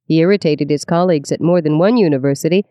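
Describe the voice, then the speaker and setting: A narrator giving a measured, scripted nonfiction audiobook reading. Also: mid-range voice, mellow, dry recording, studio quality.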